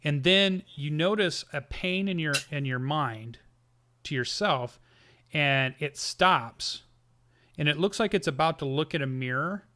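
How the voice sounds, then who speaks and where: A man narrating a tabletop game as game master, halting often with ums and restarts. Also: fairly high pitch, bright, forceful tone.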